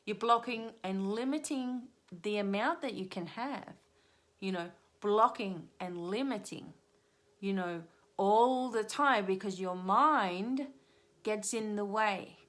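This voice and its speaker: A woman's voice: mid-range voice, takes it slowly, fairly bright tone. A middle-aged woman, a spiritual reader and hypnotherapist, giving a live-streamed tarot reading in an earnest, repetitive coaching tone. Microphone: webcam or phone on a live stream.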